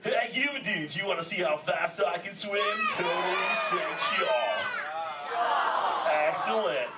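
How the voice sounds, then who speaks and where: A man's voice: on the high side, animated, moderate pace, far from the mic, heavy background noise, natural voice. Man voicing a surfer-dude sea turtle, says "dude" nonstop, live theme park show, echoey theater recorded from the audience, crowd chatter. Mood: laid-back, goofy.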